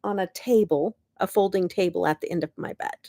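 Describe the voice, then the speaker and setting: A middle-aged woman, chatting bubbly and warmly on a beauty livestream from her bed, laughing often and greeting viewers by name. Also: lowish voice, fairly quick, gravelly, dry recording, studio quality. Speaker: beauty YouTuber. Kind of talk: casual live-stream chat. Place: bedroom, in bed.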